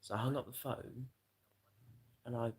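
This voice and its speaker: A man's voice: medium pitch, steady tone, normal speed, a little mellow, breathy edge. A man, livestreaming and telling a rambling, profane story to his chat in a casual way.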